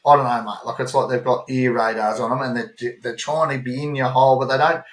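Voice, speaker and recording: Australian male podcast co-host with a mid-range voice, animated casual storyteller, recorded in an echoey room. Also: medium pitch, brisk. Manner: animated storytelling, swears freely. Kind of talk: casual chat. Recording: roomy echo.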